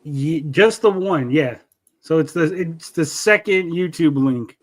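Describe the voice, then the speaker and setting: A man hosting a casual livestream podcast, rambling through a story and cutting himself off mid-sentence. He swears freely, and his voice sits a little higher than most men's. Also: expressive, measured pace, poor audio. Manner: rambling, profane, self-interrupting storyteller. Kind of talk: casual chat.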